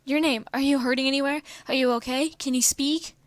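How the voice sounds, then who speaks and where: A woman gives voice to an anxious teenage mutant turtle boy from a fan storybook, quiet and pleading, his devotion plain in every strained line. the sound is dry and close, with a fairly high voice. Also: steady tone, a little fast, no room sound, close to an everyday voice.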